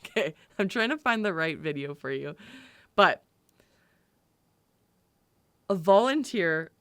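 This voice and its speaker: A woman's voice: fairly low pitch, lively intonation, slow, a bit bright, clear, resonant tone, dry recording, studio quality. A young woman co-hosting a podcast, telling funny stories in casual chat, giggling often and swearing freely. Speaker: podcast co-host.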